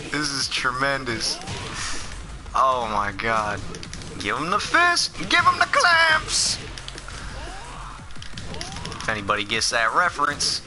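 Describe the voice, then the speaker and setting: An excitable young streamer reacts to his fighting game with loud swings of pitch, swearing and laughing. He talks slowly over clear game music playing behind him. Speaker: gaming streamer. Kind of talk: casual gameplay commentary.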